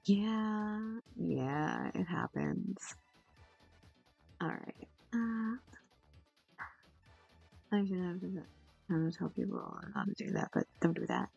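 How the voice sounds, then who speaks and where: A young woman with a husky, gravelly voice chats loosely on a stream, wandering between thoughts with plenty of fillers and the odd curse word. The audio is dull and lo-fi, with faint music underneath. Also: on the low side, sing-song, slow, pauses often, darkish tone. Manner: rambling, swears casually, many fillers. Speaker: voice actor streamer. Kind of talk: casual stream chat.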